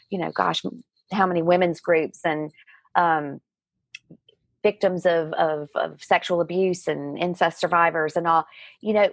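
A middle-aged woman, a guest in an interview, telling a personal story in an earnest, animated way. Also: lowish voice, slightly rough, no echo. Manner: earnest, animated retelling with acted quotes.

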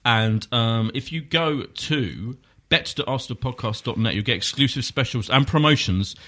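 Opinionated man hosting a football chat. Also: medium pitch. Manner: animated, opinionated, quick asides. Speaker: podcast host.

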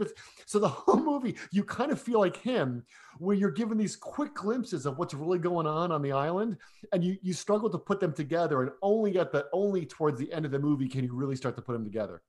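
A man with a slightly higher voice co-hosts a casual chat about films. He talks eagerly and with animation, tripping over himself and repeating words as his thoughts race ahead. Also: animated, fast talker, darkish tone. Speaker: podcast co-host. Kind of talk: casual film discussion.

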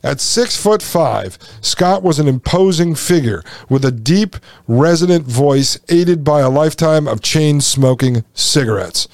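A male podcast host with a somewhat high-pitched voice talks his way through a written piece. He reads it aloud and keeps stopping for mocking, folksy commentary aimed at his listeners. The sound is dry and close, with no room echo. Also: animated, unhurried, few pauses, darkish tone. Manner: sarcastic, folksy asides to listeners. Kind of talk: podcast commentary, reading from an article.

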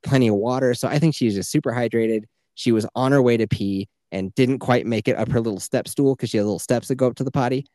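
A man in his thirties, a stay-at-home father, chatting casually on a podcast and telling animated stories with plenty of swearing and laughter. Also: on the low side, dry recording. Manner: animated storytelling, swears freely, laughs often.

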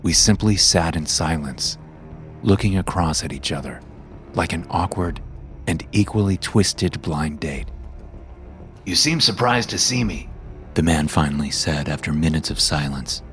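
A man narrating a first-person horror story in a low, measured, tense way. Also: faint music behind.

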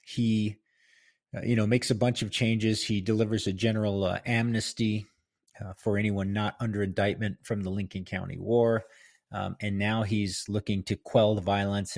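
Low-ish guy host, rambles a lot, kinda raspy, dry room. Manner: rambling, chatty, lots of fillers and restarts. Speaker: podcast host. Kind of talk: casual history talk.

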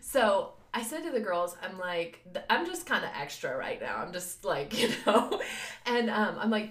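Brief: lively woman podcaster, storytelling with laughs, roomy echo. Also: medium pitch, measured pace. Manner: animated, laughing, acts out voices of others. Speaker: podcast co-host. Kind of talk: casual storytelling chat. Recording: echoey room.

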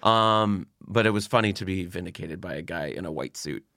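A man's voice: deep voice, moderate pace, vocal fry, pushed and bright. A man chatting casually on a podcast as a host, rambling through stories and laughing often. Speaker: comedy club staff and podcast host.

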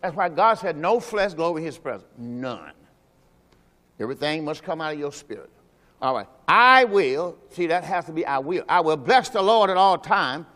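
A man preaching a sermon as pastor. He talks emphatically, asks the congregation questions, and drops into low quiet asides. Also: expressive, moderate pace. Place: church sanctuary. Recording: long hall reverb from a church service.

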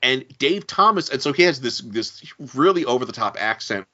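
A man co-hosting a casual podcast chat, telling stories in a lively way. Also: mid-range voice, moderate pace. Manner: lively anecdotal storyteller. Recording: dull lo-fi recording.

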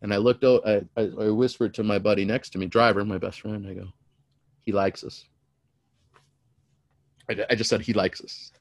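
A middle-aged man casually telling a long, rambling story, animated and often repeating words as he goes. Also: on the low side, fast, few pauses, dry recording. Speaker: storyteller guest.

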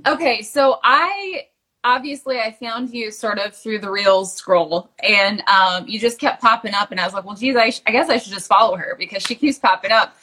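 Bright, husky-voiced woman host. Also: mid-range voice, moderate pace. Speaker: podcast host. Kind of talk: casual interview chat.

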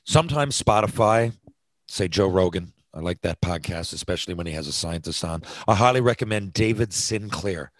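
Rambling low-voiced podcast man. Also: expressive, normal speed, no echo, low-quality recording. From North America. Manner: chatty, self-deprecating, many fillers and restarts. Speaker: podcast host. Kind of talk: casual rambling monologue.

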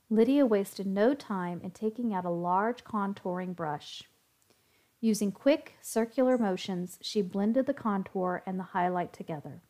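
A woman's voice: mid-range voice, darkish tone. Woman reading a story aloud. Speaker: story reader. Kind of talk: story narration.

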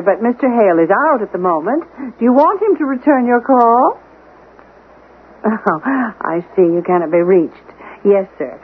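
An actor playing a formal, faintly condescending male butler, calm and superior, in a vintage radio drama. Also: sits high. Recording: tinny lo-fi old radio recording with hiss.

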